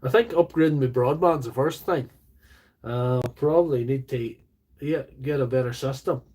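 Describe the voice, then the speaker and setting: Speaking at normal speed in a medium-pitched, slightly mellow and somewhat rough voice, this livestream host repairs tools and talks in a meandering, self-mocking style. He has a Northern Irish accent and broadcasts casually from a makeshift workshop at home, using a phone on a small tripod as his mic.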